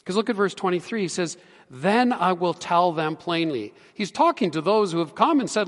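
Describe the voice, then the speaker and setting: A pastor delivers a sermon in an earnest voice that climbs to emphatic peaks. His voice sits a little high for a man. A long reverb trails each phrase, as in a church sanctuary. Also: animated, normal speed.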